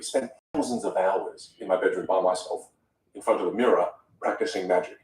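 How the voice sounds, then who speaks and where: Aussie guy coach, deepish voice, lively storyteller, roomy sound a bit far from the mic. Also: a little fast. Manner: animated, dramatic storyteller who acts out voices. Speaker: communication and voice coach. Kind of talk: storytelling in a podcast interview.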